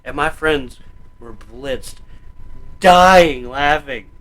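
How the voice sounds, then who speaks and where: A man's voice: medium pitch, extremely slow, fairly bright tone, poor audio. A man co-hosting a casual podcast chat, telling stories with lots of laughter and acted-out quotes. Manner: laughing storyteller, swearing, acts out scenes. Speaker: podcast co-host.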